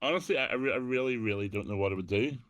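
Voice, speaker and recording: A man's voice: medium pitch, very fast, a bit bright, no echo, dull audio. A middle-aged man from Northern Ireland, chatting casually as an interview guest, self-deprecating with frequent ums. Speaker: guest, actor and DJ.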